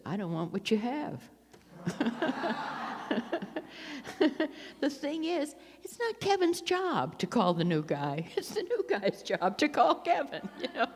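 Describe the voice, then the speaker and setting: An older woman speaking at a recovery meeting, chatty and self-mocking, with many laughs and restarts. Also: fairly high pitch. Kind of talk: personal recovery talk. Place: meeting hall. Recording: long echo of a hall.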